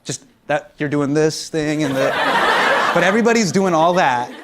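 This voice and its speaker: A man's voice: on the high side, moderate pace. A man hosting a comedy show, answering audience questions on stage with lots of laughter and acted-out quotes. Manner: animated, laughing, acts out quotes. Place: studio stage before a live audience. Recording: loud audience and background noise.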